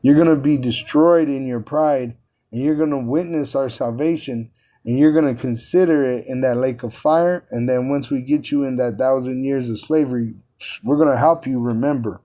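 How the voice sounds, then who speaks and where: A mellow, mid-range male voice at a moderate pace teaches and preaches from scripture. His delivery is confrontational and full of profanity, with frequent repetition of words to hammer his points.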